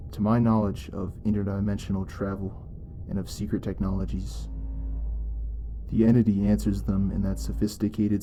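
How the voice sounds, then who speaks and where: A man reading a first-person story as scripted narration, in a measured, even way. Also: on the low side.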